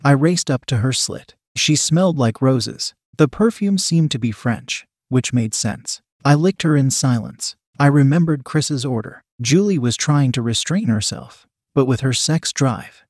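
A man narrating an erotic story in the first person, reading in an even, unhurried way. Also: medium pitch, dry recording, clean studio sound. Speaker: story reader.

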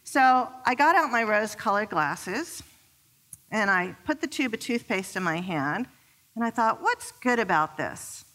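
A woman relationship expert giving an animated talk to a live audience, telling personal stories and asking the crowd questions. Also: mid-range voice, a little slow.

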